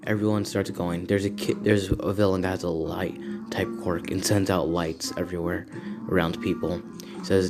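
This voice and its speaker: A man's voice: low voice, steady tone, normal speed, over music. Rambling young man telling a fan story. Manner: rambling, self-correcting. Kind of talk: improvised fan story narration.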